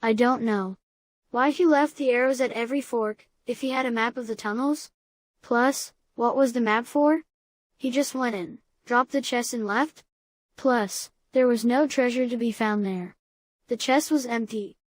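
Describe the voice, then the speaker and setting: Skeptical thinky girl woman voicing her, kinda high, dry. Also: normal speed, no echo, lightly acted. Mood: doubtful. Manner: reasoning, doubtful. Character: skeptical, thoughtful girl Emmy.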